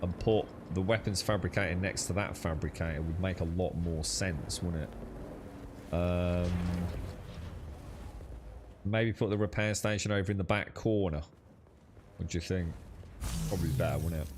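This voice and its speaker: A young man streams a co-op game with friends, chatting casually, thinking aloud and laughing easily. His voice is low and moderately paced with frequent pauses, and there is background noise.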